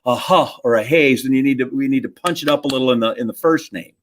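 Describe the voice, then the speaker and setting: A man's voice: medium pitch, fast talker. A man co-hosting a casual interview, friendly and teasing. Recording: faint background noise.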